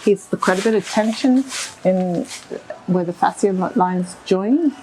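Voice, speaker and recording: Working on a horse in a stable or yard, a woman who practises equine bodywork explains each step of her hands-on technique live, chatty and at a measured pace. Her voice is warm and medium-pitched; the low-quality recording has slight background noise and faint music.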